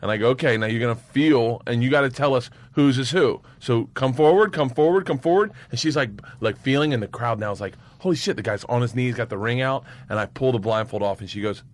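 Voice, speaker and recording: A man, a guest comedian, telling profane stage anecdotes and breaking into high bursts of laughter. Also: quick pace, hardly any pauses. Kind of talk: storytelling anecdotes.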